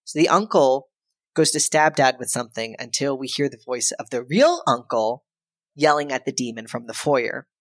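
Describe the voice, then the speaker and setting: A woman's voice: rumbling low, no echo. A woman co-hosting a podcast, casually recapping a film's plot in a loose, irreverent way and briefly acting out characters' lines. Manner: animated, acts out characters' lines in quick put-on voices; loose and irreverent, with frequent fillers and profanity. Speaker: podcast co-host.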